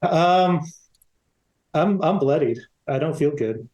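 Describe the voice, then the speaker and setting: A man's voice: fairly high pitch, expressive, takes it slowly, darkish tone. A man playing a tabletop game, talking in a laid-back, hesitant way with many fillers. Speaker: player. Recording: roomy echo.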